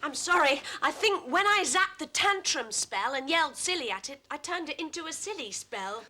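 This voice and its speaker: A woman playing a scatty, good-natured young witch on a children's TV show, expressive and easily flustered. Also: high voice. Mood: chatty. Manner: bright and expressive, quick to fluster. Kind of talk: children's TV acting. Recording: hissy VHS tape.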